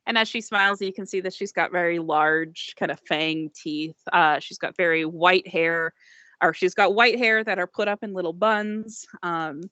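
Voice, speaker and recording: A woman runs a tabletop game and narrates in a slightly low, chatty voice with many fillers. The sound is dry and dull, like a lo-fi home mic. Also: steady tone, a little slow, pushed and bright, no echo. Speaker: game master.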